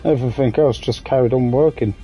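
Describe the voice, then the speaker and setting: A man's voice: mid-range voice, fast, dark tone, soft background music, poor audio. A man in his thirties with an English accent, chatting in a rambling, jokey way while streaming a game and swearing casually. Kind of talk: casual gaming commentary.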